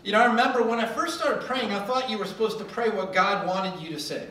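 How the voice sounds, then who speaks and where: A preacher giving a sermon in a lively way, acting out quoted voices with humor. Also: mid-range voice, fast, a little hiss or hum. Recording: echoey hall from far off.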